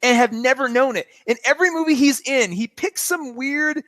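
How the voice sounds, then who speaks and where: A man co-hosting a podcast, talking excitedly in a casual film discussion. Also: very high voice, normal speed, no echo. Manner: excitable, animated, riffing. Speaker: podcast co-host. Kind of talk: casual chat.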